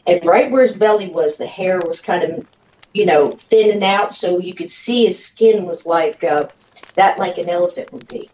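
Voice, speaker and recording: A woman telling a personal story in a casual, halting way, with fillers and pauses. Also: on the low side, darkish tone, slight background noise. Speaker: guest storyteller. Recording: distant, dull audio in a roomy space.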